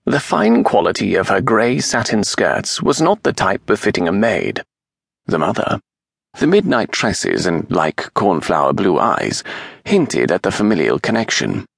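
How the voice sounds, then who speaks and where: A man reading a historical romance audiobook aloud in an expressive, measured storytelling manner, with a gravelly, husky voice on a close studio mic. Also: fairly low pitch, no echo. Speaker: audiobook narrator. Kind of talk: scripted narration of a historical romance.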